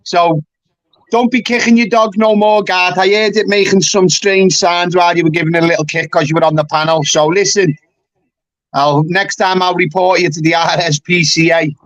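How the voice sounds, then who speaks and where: A man from England with a slightly high voice, recorded dry and close with no room sound. He talks bluntly and swears freely, tacking "mate" onto his sentences as he chats casually with a caller on his livestream. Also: fairly even intonation, normal speed, no echo. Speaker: YouTube livestream host. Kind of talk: casual call-in chat.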